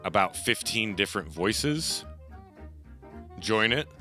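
A man narrating as game master in a relaxed manner, with many fillers. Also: lowish voice, slow, faint music behind.

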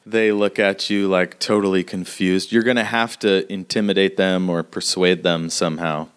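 Laid-back low-voiced game master. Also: male voice, steady tone, moderate pace, smooth. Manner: casual, filler-heavy narration. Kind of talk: narrating a tabletop game.

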